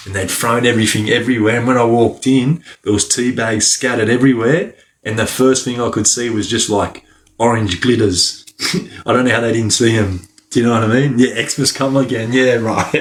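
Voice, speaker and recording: A man telling a story in casual chat, animated and laughing often, swearing freely and tagging his lines with "right?". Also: medium pitch. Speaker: podcast guest.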